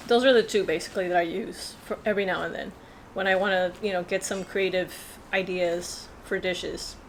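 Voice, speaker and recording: A woman's voice: lowish voice, steady tone, moderate pace, slight background noise. A woman vlogger telling a personal story in a casual, earnest, rambling way with many fillers.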